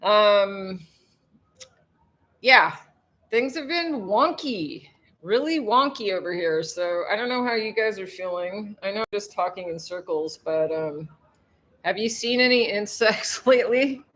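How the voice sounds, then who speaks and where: A woman's voice: medium pitch, lively intonation, unhurried, a bit bright. A woman hosting a casual livestream from home, rambling and chatty, laughing often as she greets viewers. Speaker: livestream host, tour guide. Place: home in a tropical town.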